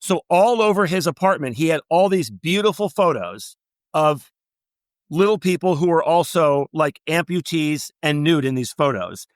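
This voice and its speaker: A middle-aged man, a travel writer guest, telling long anecdotes and quoting people in animated storytelling. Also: a little high, normal speed, dry recording. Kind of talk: storytelling interview.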